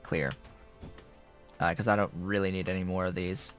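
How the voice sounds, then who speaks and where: His tone is level and fairly bright, his pace moderate, and he leaves long pauses as he streams a game and muses aloud in casual, rambling commentary. Occasionally he talks to his cat in a high-pitched baby voice over faint background music.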